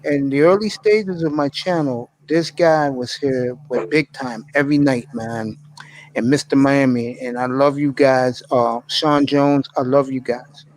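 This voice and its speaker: A man's voice: mid-range voice, steady tone, a little slow, low-quality recording. A man hosting a live stream in casual chat, effusive and openly emotional as he thanks his friends.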